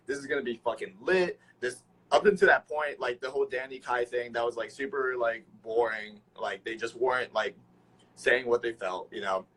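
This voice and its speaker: A young man hosting a casual phone livestream, talking excitedly and swearing nonstop. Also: medium pitch, moderate pace, low-quality recording. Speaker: livestream host.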